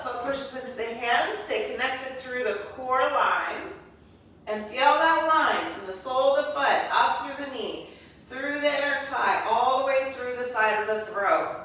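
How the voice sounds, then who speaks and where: A woman teaching a guided yoga class, calmly cueing each move step by step with spiritual encouragement. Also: sits high, a little hiss or hum. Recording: very echoey room, voice from a distance.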